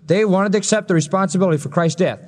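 A man's voice: high voice, rapid-fire, big-room sound. A male pastor preaching an expository sermon, telling the story dramatically and acting out the quotes he reads.

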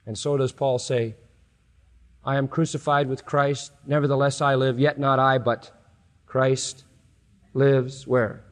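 In a reverberant hall, an emphatic male preacher delivers a sermon, reading scripture in drawn-out, deliberate phrases. At climaxes his pitch and volume rise sharply, then fall low and slow.

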